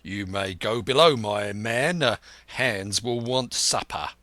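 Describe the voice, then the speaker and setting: A man's voice: lowish voice, slow, bright, forceful tone, no room sound. A man playing a stern, curt sea captain. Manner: clipped, commanding orders.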